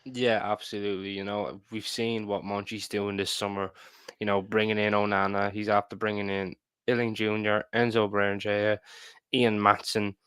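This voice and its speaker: A man's voice: fairly low pitch, level tone, normal speed, fairly bright tone, clear, resonant tone, no echo. A man with an Irish accent chatting casually as a podcast co-host, sprinkling in lots of "you know". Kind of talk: casual chat.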